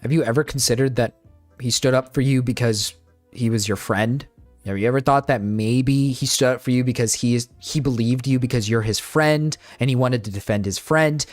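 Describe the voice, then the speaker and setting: A man's voice: medium pitch, moderate pace, faint music behind. A man doing reaction commentary, ranting in exasperation and swearing often, talking to his chat like a streamer. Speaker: drama commentator.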